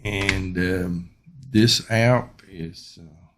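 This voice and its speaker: A man giving a casual microphone review, rambling and unhurried with many ums and uhs. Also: low-pitched, background noise. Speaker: YouTuber reviewing his microphone. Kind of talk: casual unboxing and product review.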